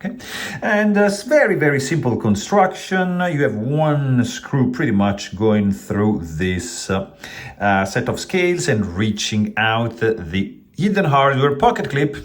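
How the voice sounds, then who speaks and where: A man's voice: mid-range voice, big pitch swings, a little slow. A man casually reviewing a pocketknife, rambling with many fillers and restarts while handling the knife as he talks.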